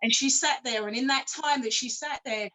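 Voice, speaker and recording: A woman's voice: high-pitched, normal speed, bright, forceful tone, rough recording. A woman, speaking at a conference and telling a story in a conversational way, with frank personal asides and self-deprecating humor. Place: church hall.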